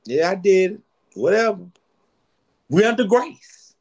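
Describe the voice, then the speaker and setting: Male preacher, high voice, very animated, repeats lines for emphasis. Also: measured pace, vocal fry. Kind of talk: sermon.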